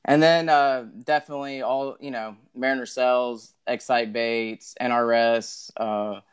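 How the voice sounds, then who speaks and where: A man's voice: mid-range voice, steady tone, measured pace, smooth. A young man as a guest on a casual podcast, modest and full of fillers like you know and um. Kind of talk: casual interview talk.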